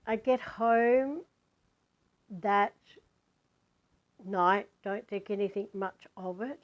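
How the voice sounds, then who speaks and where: A woman's voice: medium pitch, slow pace, dull audio. A woman who is a spiritual vlogger, telling a personal story in a candid, rambling way with plenty of swearing.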